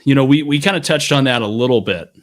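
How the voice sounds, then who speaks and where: A man's voice: mid-range voice, quick pace. A man co-hosting a casual sports podcast on a headset, laid-back and joking, swearing freely. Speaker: podcast co-host.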